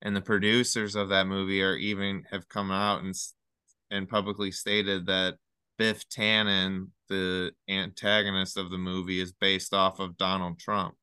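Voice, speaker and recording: Deep-voiced man rambling about number codes. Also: measured pace, clear, resonant tone, no echo, clean studio sound. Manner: rambling, excitable numerology theorizing. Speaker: podcast guest. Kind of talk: casual chat.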